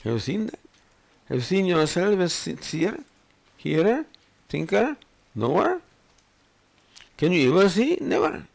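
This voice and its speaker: In a spiritual lecture on scripture, an older swami repeatedly questions his listeners, animated and rhetorical. He speaks unhurriedly in a high voice with vocal fry, pausing often.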